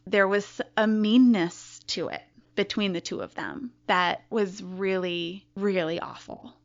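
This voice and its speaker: A woman telling a personal story as an interview guest, reflective and deliberate. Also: medium pitch, fairly bright tone. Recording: dull lo-fi recording.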